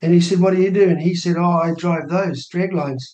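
Brisk and high-voiced, a New Zealander in his sixties tells a family story as a guest on a radio show, where he is appearing as an election candidate. He animatedly acts out quoted dialogue in this casual interview, recorded in an echoey room.

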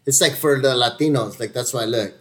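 A man chatting casually as a host, animated and laughing, swearing and calling his guest dude. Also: mid-range voice, fairly quick. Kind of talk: casual chat.

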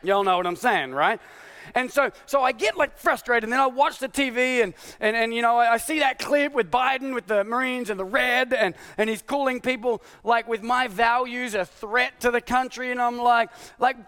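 A male pastor preaching a sermon in an animated, confessional way, swinging from shouted exasperation to hushed tones. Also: extremely high pitch, normal speed, smooth.

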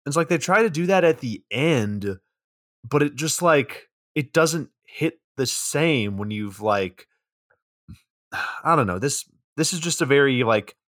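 A man's voice: mid-range voice, animated, a little slow, a bit bright, no room sound, clean studio sound. A man co-hosting a podcast, recapping a movie's plot in a wry, casual way with offhand swearing.

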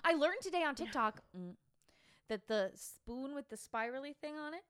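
A woman's voice: sits high, expressive, normal speed, fairly bright tone, no echo, studio quality. A woman co-hosting a true-crime podcast, chatting casually with lots of fillers and laughter before presenting the case. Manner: giggly, chatty, filler-heavy. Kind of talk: casual chat.

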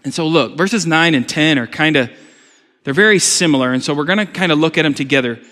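A man's voice: on the high side, a little fast. Man preaching in a reverberant church. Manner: conversational preaching with jokes, swings between loud emphasis and soft asides. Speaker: pastor. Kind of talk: sermon. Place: church sanctuary. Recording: long hall reverb.

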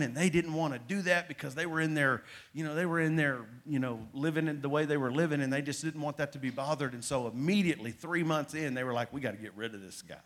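A middle-aged man preaching a sermon, moving between loud, emphatic peaks and low, quiet asides. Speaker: pastor.

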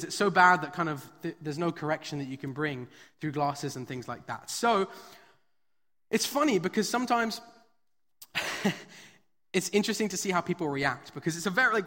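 A man preaching to a live congregation, with a high, bright voice. He tells stories casually and fills his talk with "like" and "kinda." His voice rings with the long reverb of a large hall. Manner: conversational storytelling with frequent fillers. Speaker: pastor. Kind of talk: sermon. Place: church hall, live service.

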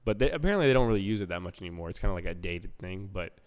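A man's voice: low voice, racing, clear, resonant tone. A man telling a long story in casual chat on a live podcast, acting out the people he quotes. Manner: animated storyteller, acts out quotes loudly. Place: live show in a hall. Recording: reverberant hall.

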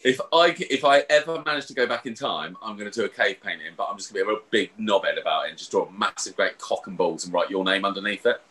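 A man chats on a podcast in a bright, forward voice. His pitch swings widely as he tells sweary, animated stories. The talk is loose and casual. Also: quick pace, hardly any pauses. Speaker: podcast co-host. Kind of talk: casual chat.

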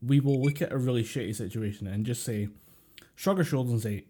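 A man's voice: medium pitch, fairly quick, mellow. A Scottish man co-hosting a podcast in casual chat, rambling with fillers, over a voice call. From Scotland. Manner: rambling, with many fillers and chuckles. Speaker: podcast co-host. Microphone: computer mic over a voice call.

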